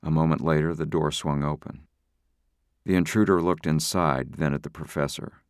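A man narrating an audiobook thriller in a measured, steady storytelling manner. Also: very deep voice, no room sound, clean studio sound. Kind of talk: scripted narration.

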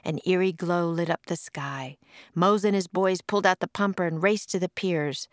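A woman reads a storybook aloud, her voice sitting a little low. She is expressive and lively, and the recording is dry and close with no room sound. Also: moderate pace, no room sound. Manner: expressive, puts on voices for quoted lines. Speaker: author and narrator.

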